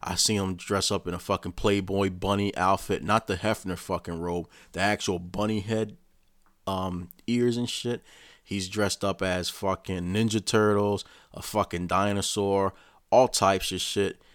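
Low-voiced guy ranting about a show, swears a ton, rambly, dry close sound. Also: unhurried, dry recording. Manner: profane, rambling, animated storytelling. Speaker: vlogger. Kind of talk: casual rant recapping a show.

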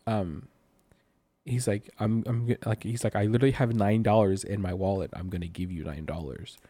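A man's voice: fairly low pitch, brisk, dry recording. A young man co-hosting a podcast, telling a rambling story in casual chat with lots of fillers. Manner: animated, rambling with many fillers. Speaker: podcast co-host.

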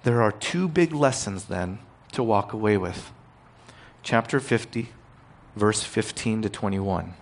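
A man preaching a sermon, growing loud and emphatic on key points and retelling scripture in casual modern paraphrase. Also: fairly low pitch, measured pace. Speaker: pastor.

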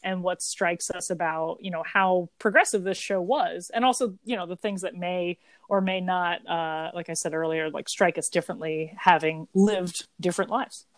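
A woman's voice: on the low side, moderate pace, hardly any pauses, dry recording. A woman in her thirties, co-hosting a podcast, chatting at length in a rambling, think-aloud way. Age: 30s. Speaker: podcast co-host. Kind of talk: casual chat.

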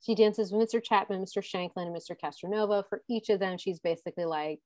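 A woman's voice: medium pitch, quick pace, no room sound. Chatty woman recapping with laughs. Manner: chatty, laughs often, acts out quotes. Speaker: podcast host recapping a dating show. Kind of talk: casual chat.

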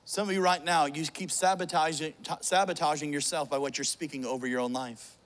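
A man's voice: fairly high pitch, fairly even intonation, brisk. A middle-aged man preaching a sermon, telling a funny personal story with jokes and many restarts. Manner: joking, storytelling, frequent restarts.

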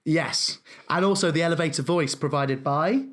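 Enthusiastic man, higher voice. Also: normal speed, a bit bright. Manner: enthusiastic, hesitant with fillers. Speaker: podcast co-host. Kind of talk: casual chat.

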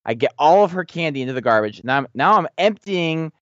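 A man's voice: fairly high pitch, expressive, fairly quick, dry recording, muffled recording. A man in his thirties, a podcast co-host, chatting casually and telling rambling parenting stories with many restarts. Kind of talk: casual chat.

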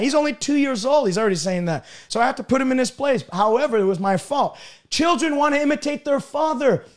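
A young male preacher delivers a broadcast sermon in a strikingly high-pitched voice. He speaks emphatically, driving his points home and climbing to loud declarations. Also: lively intonation, a little fast.

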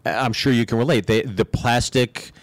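A man's voice: medium pitch, normal speed, no echo. A middle-aged man co-hosting a comedy podcast, telling wry jokes and stories. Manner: wry, joking storyteller. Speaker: podcast co-host. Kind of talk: casual comedic banter.

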